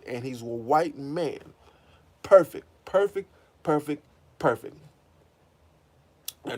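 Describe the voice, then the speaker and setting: A man's voice: medium pitch, a little mellow. Blunt, profane man ranting. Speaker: host. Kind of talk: casual commentary monologue.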